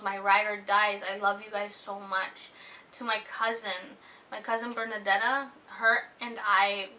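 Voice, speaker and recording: A woman in her twenties speaking in a heartfelt personal vlog, earnest and tender, pausing often with ums. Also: medium pitch, sharp tone. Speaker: vlogger. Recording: slightly distant mic with faint hiss.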